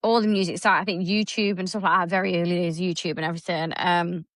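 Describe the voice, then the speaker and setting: A woman in her thirties with a Stoke-on-Trent accent, co-hosting a casual podcast and telling stories in a chatty, animated way. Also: fairly low pitch, fast talker, dry recording. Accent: Stoke-on-Trent English. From England. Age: 30s. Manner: chatty, animated storytelling with gasps. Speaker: podcast host. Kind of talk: casual chat.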